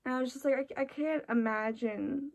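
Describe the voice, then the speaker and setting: A woman's voice: high voice, moderate pace. A woman chatting in a casual, rambling way, full of restarts and "like", sounding tired and emotional. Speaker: vlogger reacting to an album.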